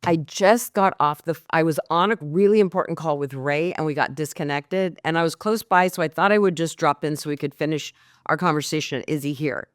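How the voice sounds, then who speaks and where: Animated woman telling a candid story. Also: low voice, brisk, no echo, studio quality. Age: middle-aged. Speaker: guest, mortgage coach. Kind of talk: storytelling in a podcast interview.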